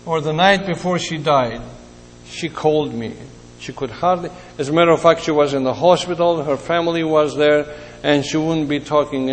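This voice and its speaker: A man preaching a sermon as a pastor, telling stories slowly and with feeling, pausing between phrases. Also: on the high side. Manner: slow, emotional storytelling with pauses. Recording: long hall reverb, faint hum.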